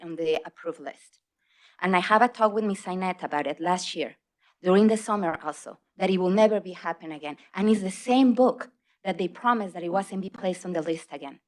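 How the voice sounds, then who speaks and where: A middle-aged woman with a non-native English accent giving an emphatic public comment at a school board meeting. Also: medium pitch. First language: not English. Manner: earnest, emphatic, slightly broken English. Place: meeting hall.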